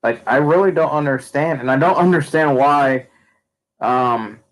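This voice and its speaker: A man's voice: fairly high pitch, unhurried, poor audio. A young man who streams about wrestling, ranting casually with lots of fillers and restarts. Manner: rambling, frequent fillers and restarts. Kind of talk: casual opinion rant.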